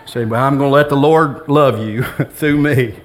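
A man's voice: mid-range voice, moderate pace. Man preaching a conversational sermon. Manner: conversational preaching with humor and quoted dialogue. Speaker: pastor. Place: church sanctuary with congregation.

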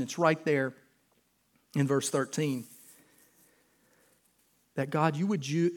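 A male pastor preaching a sermon earnestly, moving between loud urgent stretches and quiet, intimate ones. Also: a little high.

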